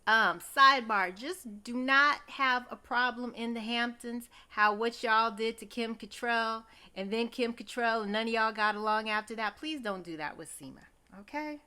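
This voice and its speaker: A woman's voice: a little high, normal speed, few pauses, sharp tone, clear, resonant tone. A woman recapping a TV episode in a chatty, gossipy way, exclaiming often and talking straight to her viewers. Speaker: TV recap host.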